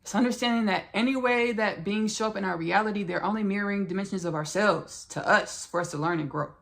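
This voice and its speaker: A woman's voice: mid-range voice, fast talker, creaky, fairly bright tone. A woman hosting a spiritual podcast monologue who repeats her phrases and talks straight to her listeners as "y'all" and "baby.". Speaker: podcast host.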